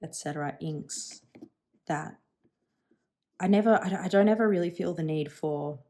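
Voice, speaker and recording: A woman's voice: lowish voice, moderate pace, dark tone. A woman in her thirties chatting casually and thinking aloud while swatching inks for her channel, musing and self-deprecating. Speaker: stationery vlogger.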